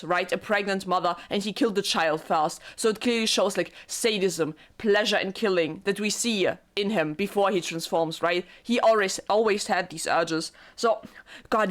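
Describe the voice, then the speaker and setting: Excitable, swearing young woman gamer. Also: mid-range voice. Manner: excitable, rambling, heavy swearing. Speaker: gaming YouTuber. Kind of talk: casual let's-play commentary.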